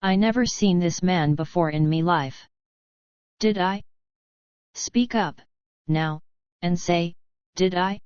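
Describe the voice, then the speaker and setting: A woman's voice: lowish voice, slow pace, long pauses, darkish tone, clear, resonant tone, dry recording. Woman reading as scheming Irish widow, brogue with bush drawl, mellifluous, brazen, dry dull recording. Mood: defiant. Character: bold Irish-Australian widow, brassy and scheming.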